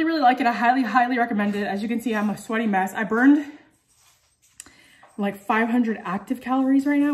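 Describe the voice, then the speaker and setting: A young woman, a little high-voiced, chats into a camera at home, still out of breath after a workout. She rambles casually and fills her talk with "um" and "like." A faint hiss sits behind her voice. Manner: chatty, many fillers like "um" and "like". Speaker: vlogger. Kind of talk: casual vlog chat.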